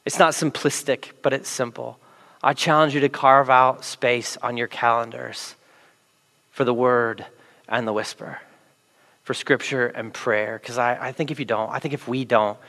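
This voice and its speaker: A man who is a pastor, preaching a sermon with animated, self-deprecating storytelling. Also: medium pitch, big-room sound. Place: large church auditorium.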